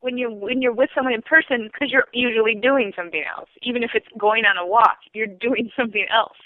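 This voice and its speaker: A co-host trading wry, deadpan jokes in a casual chat. The voice comes through a thin, tinny phone line, dry and close, with a middle pitch. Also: brisk, no echo.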